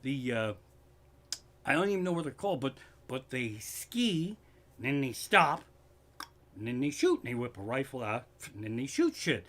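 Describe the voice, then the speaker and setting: A man's voice: medium pitch, big pitch swings, normal speed, a bit bright. A man doing profane, worked-up stand-up comedy, streamed live from his living room, with a Pennsylvania accent.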